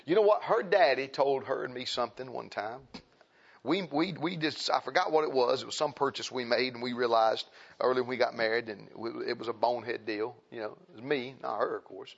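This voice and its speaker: Gravelly preacher man. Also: medium pitch, a little fast. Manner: folksy, swings between hushed asides and loud exclaims. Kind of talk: sermon. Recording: dull lo-fi sound.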